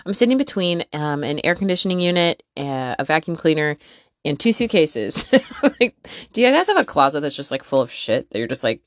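A woman hosting a podcast from her closet, telling a story in a casual, profane, animated way and laughing often. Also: low-pitched, fairly quick, no room sound, clean studio sound. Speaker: podcast host. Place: home closet.

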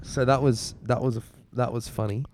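A young Australian man casually retelling a story to friends, laughing and animated. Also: mid-range voice, brisk, slight background noise.

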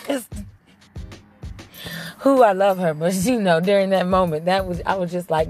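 A woman's voice: on the low side, moderate pace, pauses often, soft background music. A young adult woman telling her viewers a story in a casual, emphatic way, talking straight to them. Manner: emphatic and animated, talks straight to the audience.

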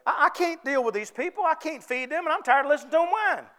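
A worn-out leader moans about the crowd he has to feed, his high voice pinched with exasperation, as a preacher puts him on. He sounds whiny and at the end of his rope. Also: animated, fast talker, bright, forceful tone, exaggerated voice. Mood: exasperated. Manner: whining, exasperated. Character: weary complaining male leader, middle-aged.

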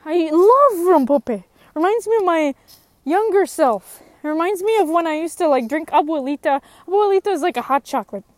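Young woman, high voice, candid personal testimony that turns heated when she is frustrated. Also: lively intonation, normal speed, darkish tone, dry recording. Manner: emotional and frank, voice rising when frustrated. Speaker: person in recovery sharing her story.

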